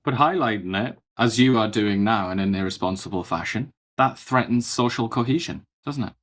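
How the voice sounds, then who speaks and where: A man co-hosting a political chat show, his voice on the low side. He delivers dry, mock-serious sarcasm. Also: expressive, moderate pace, a bit bright. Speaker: co-host.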